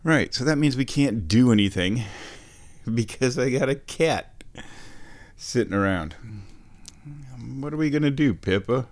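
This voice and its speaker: A man chatting casually on his stream, meandering and correcting himself, and sometimes talking to his cat in a high baby voice. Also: animated, unhurried, long pauses. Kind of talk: casual rambling chat.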